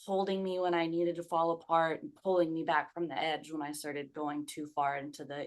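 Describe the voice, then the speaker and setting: A woman's voice: deep voice, level tone, moderate pace, few pauses. A young woman who is a podcast guest, telling a personal story in a conversational way, full of "like" fillers and acting out what people said. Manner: conversational, many "like" fillers, acts out quoted speech.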